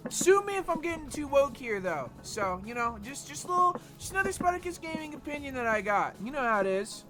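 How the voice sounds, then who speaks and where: A young American man streaming games and chatting casually, animated and profane, jumping between loud outbursts and low mumbles. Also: fairly quick, over music. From United States. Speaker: Twitch streamer. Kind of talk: casual live-stream chat while gaming.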